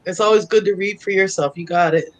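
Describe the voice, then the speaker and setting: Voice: mid-range voice, fairly even intonation, quick pace, highs cut off. A psychic co-host giving a casual live reading, chatty and laughing often as they relay messages from spirits.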